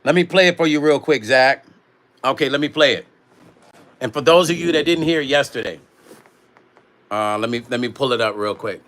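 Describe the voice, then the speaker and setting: A man's voice: medium pitch, moderate pace, pauses often, fairly bright tone. A man who produces music hosts a casual livestream from his studio. He chats loosely and reads out viewer comments. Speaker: music producer and vlog host.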